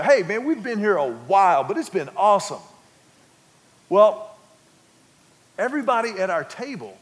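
A man's voice: high voice, in a large hall. A man preaching a sermon, telling a family story and asking the congregation questions. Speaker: pastor.

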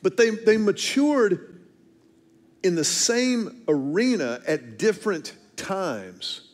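A man in his fifties preaching a sermon, telling family stories and slowing down hard to stress key phrases. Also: high-pitched, very animated. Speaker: pastor.

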